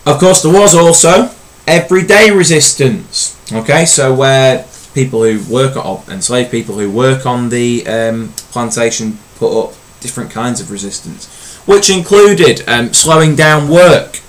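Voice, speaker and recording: A man teaching a recorded history lesson in a relaxed, conversational way, with frequent ums and uhs. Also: mid-range voice, measured pace, few pauses, low-quality recording.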